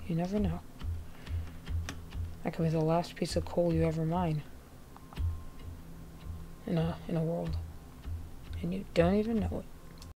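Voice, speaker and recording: A woman with a gravelly voice giving chatty, laid-back, self-mocking commentary over her gameplay. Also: fairly low pitch, steady tone, measured pace, long pauses, mellow, slight background noise. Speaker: gaming video creator. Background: background music, keyboard typing.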